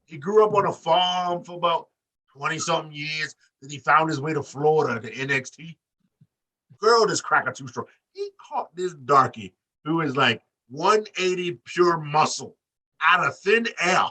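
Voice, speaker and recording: A man co-hosting a wrestling podcast, talking in loose, profane banter with big animated swings in his voice. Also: normal speed. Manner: animated, profane, acts out quotes with big pitch jumps. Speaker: podcast co-host. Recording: distant mic.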